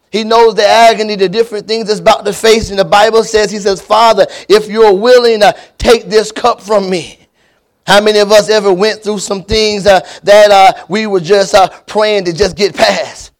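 A man preaching a sermon to his church, with frequent filler words and calls for amen, then leading a prayer. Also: high voice. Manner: preaching with many fillers and call-and-response to the church; prays with repeated invocations. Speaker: pastor.

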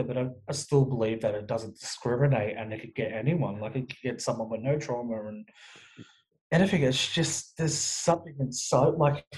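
A man's voice: medium pitch, a little mellow, rough recording. A young man talking frankly as an interview guest, swearing often and restarting his sentences. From Australia. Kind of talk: candid interview talk.

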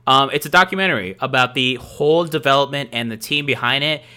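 A man's voice: mid-range voice, quick pace, pushed and bright, clean tone. A man co-hosting a podcast, chatting casually and reacting with profane jokes. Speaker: podcast co-host.

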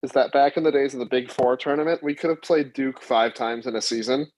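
A man co-hosting a casual sports chat, quick and joking. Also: mid-range voice, a little mellow, low-quality recording.

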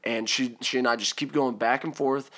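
A young man, an interview guest, telling a personal story in casual chat, animated and laughing as he acts out the voices of the people in it. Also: mid-range voice, moderate pace. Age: young adult.

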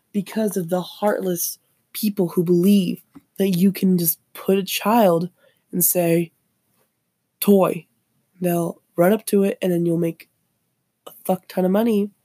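A woman with a lowish, husky voice chats alone on her podcast, looping back over her own phrases as she goes. Her tone is mellow and dark. The sound is dry and close. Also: no echo. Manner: rambling, repeats and restarts phrases. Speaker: podcast host. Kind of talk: casual solo commentary.

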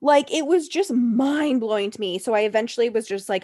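High-voiced woman ranting in casual chat. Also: a little fast, dark tone. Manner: heated, profane ranting with mocking quotes.

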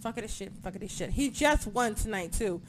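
A woman in casual chat, gushing over wrestling matches with plenty of swearing. Her pitch sits in a middling range, and she keeps stumbling over names before bursting out loud and excited. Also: a little fast, over music. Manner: excitable, swears a lot, loses track of names. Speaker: wrestling show reviewer.

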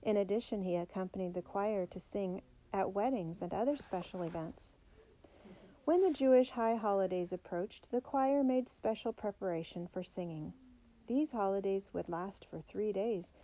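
Mellow-voiced woman reading a storybook. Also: mid-range voice, rough recording. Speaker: audiobook reader. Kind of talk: storybook narration read aloud.

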